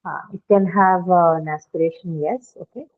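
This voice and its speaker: A woman teaches pronunciation rules to a class, stopping often to ask whether everyone follows. Her voice comes through a narrow, phone-like video call line. She pauses with fillers as she works through each example. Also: lowish voice, steady tone. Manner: asks frequent check questions, many fillers. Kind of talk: online phonetics lesson. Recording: tinny phone-like call audio.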